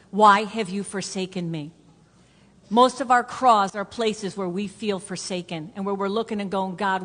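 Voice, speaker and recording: Woman preaching in a reverberant church. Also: mid-range voice. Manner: earnest, repetitive preaching cadence that drops to a hush for emphasis. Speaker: pastor. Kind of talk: sermon. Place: church sanctuary. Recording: long hall reverb.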